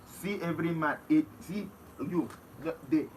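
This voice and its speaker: A man with a Nigerian accent, talking emphatically in a casual interview, often laughing and swinging between loud outbursts and hushed remarks. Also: fairly high pitch, a little slow. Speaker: interview guest. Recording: distant mic with noisy background.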